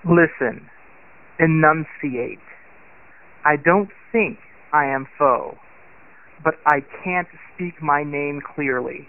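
A man leaving a voicemail, speaking slowly with careful enunciation as he reads short poems. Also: on the high side. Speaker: caller. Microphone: phone voicemail. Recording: tinny phone line.

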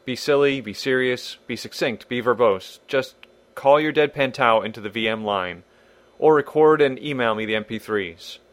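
A man hosts his podcast in a loose, wry monologue and swears freely. His voice sits in a middle pitch and is recorded close and dry, with no room sound. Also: no room sound. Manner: wry, irreverent, swears casually. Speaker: podcast host.

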